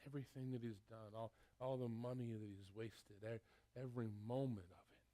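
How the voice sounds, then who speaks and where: A pastor preaching a sermon, retelling a story with animated, stammering repeats. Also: male voice, mid-range voice, brisk.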